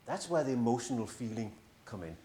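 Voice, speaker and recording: A man's voice: medium pitch, very animated, fairly quick, warm tone, slight background noise. A middle-aged man speaking as a coach to an audience, earnest and persuasive, with a touch of self-mocking humor. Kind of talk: presentation to an audience. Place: large room in front of an audience. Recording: echoey room.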